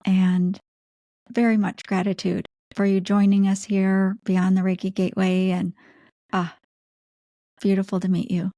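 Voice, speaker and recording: A woman's voice: mid-range voice, completely flat delivery, a little slow, long pauses, dark tone, dry recording, studio quality. A woman from the United States hosting a podcast, upbeat and encouraging. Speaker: podcast host. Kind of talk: interview and scripted announcement.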